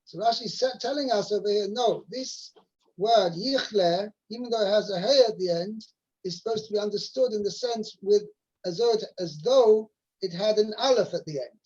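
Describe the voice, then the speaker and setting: A man teaching a weekly Torah portion over a video call, halting with fillers and restarts as he quotes Hebrew verses. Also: high-pitched, a little mellow, breathy edge. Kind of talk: explaining a weekly Torah text. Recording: muffled video call audio.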